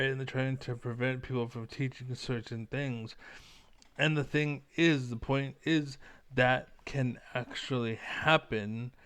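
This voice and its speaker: A man's voice: medium pitch, fairly bright tone, clear, resonant tone. A man delivering a rambling, profane vlog rant, full of "like" and restarts. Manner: rambling, profane, heavy use of "like". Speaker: vlogger. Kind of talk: casual ranting monologue.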